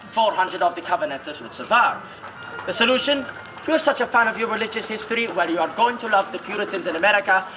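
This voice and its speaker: High-voiced man telling ghost stories outdoors. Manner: dramatic, jokey, teasing and ordering the crowd about. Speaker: ghost tour guide. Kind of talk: theatrical storytelling to a tour group. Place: outdoors in a graveyard on a city street. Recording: noisy outdoor recording with passing traffic.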